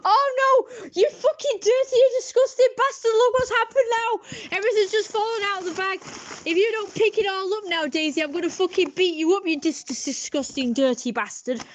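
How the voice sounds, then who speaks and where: Woman putting on a shouting posh husband. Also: sits high, unhurried, lo-fi sound, a little hiss or hum, voice pushed up. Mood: furious. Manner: yelling insults and threats. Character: posh, abusive, foul-mouthed husband.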